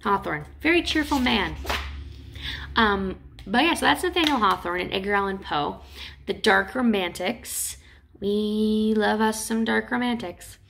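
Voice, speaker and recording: A woman teaching literature in a casual, chatty lecture, retelling stories with quick acted quotes. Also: mid-range voice, creaky, fairly bright tone, a little hiss or hum.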